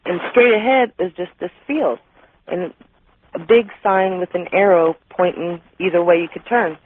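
A woman from New Mexico calling into a radio show, telling a story haltingly with ums. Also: on the low side. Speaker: caller. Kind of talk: phone-in call. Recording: tinny phone line.

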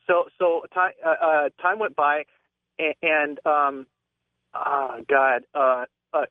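Guy calling in on a crackly phone, kinda high voice, rambles and restarts a lot. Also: flat delivery, no echo. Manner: rambling, halting with many restarts. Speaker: caller. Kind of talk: call-in radio storytelling. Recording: tinny phone line.

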